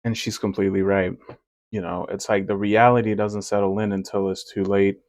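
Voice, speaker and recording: A man's voice: fairly low pitch, flat delivery, fairly quick, a little mellow, no echo. A man hosting a reaction commentary and giving his opinions conversationally, with lots of "you know" fillers. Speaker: commentary host reacting to clips.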